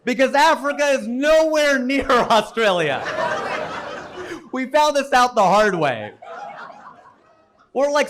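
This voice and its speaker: A man from the United States doing a stand-up comedy set, with an animated, incredulous punchline delivery. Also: extremely high pitch, takes it slowly, long pauses, crowd noise, background noise.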